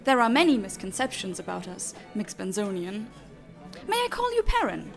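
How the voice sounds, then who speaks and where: A man's voice: high-pitched, huge pitch swings, normal speed, vocal fry, faint music behind, voice pushed up, heavily acted. Man putting on a gushing chancellor lady with a German accent. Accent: put-on German. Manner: effusive, formal, theatrical. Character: gushing flamboyant female dragon-kin chancellor, grand and fussy.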